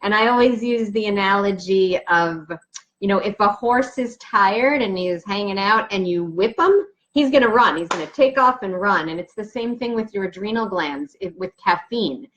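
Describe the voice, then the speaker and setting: A woman's voice: mid-range voice, normal speed, a bit bright. Chatty woman doctor explaining to camera. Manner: chatty and emphatic, reads questions from notes. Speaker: naturopathic doctor. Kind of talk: explanatory health talk to camera.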